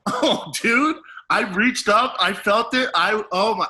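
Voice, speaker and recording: A man in his late thirties, co-hosting a podcast and telling embarrassing stories in a casual, profane, animated way, laughing as he goes. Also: high-pitched, normal speed, poor audio. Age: 30s. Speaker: podcast co-host. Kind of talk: casual storytelling chat.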